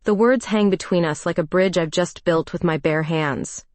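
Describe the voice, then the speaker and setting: Woman, story narrator, low pitch, calm even delivery, close dry mic. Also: normal speed, dry recording. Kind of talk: first-person audio story narration.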